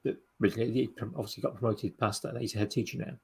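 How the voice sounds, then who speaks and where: A man's voice: lowish voice, little pitch movement, racing, gravelly, darkish tone, breathy edge. A man co-hosting a podcast, chatting casually and rambling with many restarts and fillers. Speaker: podcast co-host. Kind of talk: casual chat.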